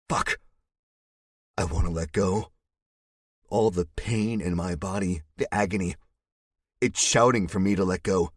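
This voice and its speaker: Deep, husky audiobook narrator. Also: male voice, no room sound, clean studio sound. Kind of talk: first-person audiobook narration.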